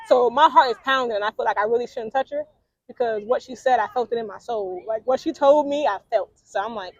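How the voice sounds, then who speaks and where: A woman with a high voice tells a story in a relaxed, chatty way, playing out each back-and-forth with bursts of laughter. The sound is dry and close. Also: a little fast, dry recording, lo-fi sound. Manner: animated, laughing, acts out quotes. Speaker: interview guest. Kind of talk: casual storytelling chat.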